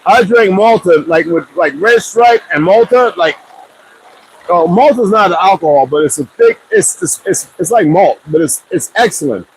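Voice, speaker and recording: High-voiced rambling man vlogging. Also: expressive, moderate pace, slight background noise, low-quality recording. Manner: loose, rambling, joking asides. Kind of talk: casual rambling chat to viewers.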